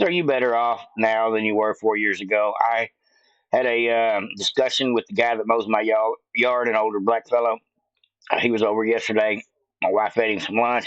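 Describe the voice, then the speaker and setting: A man's voice: mid-range voice, fairly bright tone, dry recording, dull audio. Folksy man chatting with many fillers. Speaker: political commentary channel host. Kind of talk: casual chat to viewers.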